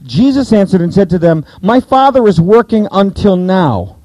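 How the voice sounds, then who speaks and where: A man preaching an expository sermon in a conversational, animated way, sometimes acting out voices from the Bible stories. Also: high voice, normal speed, no room sound, poor audio.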